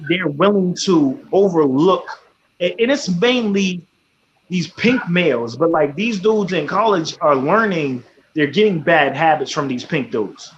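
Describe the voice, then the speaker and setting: A man with a slightly high, lively voice speaks a little slowly while hosting a casual radio talk show. He's blunt, swears plenty, and keeps checking in with "you know what I'm saying." The recording is slightly muffled with faint background noise.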